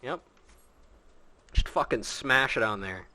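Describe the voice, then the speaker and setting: A man's voice: medium pitch, animated, slow pace, pushed and bright. A man hosting a casual game stream, teasing his co-reader with wisecracks. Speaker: stream host.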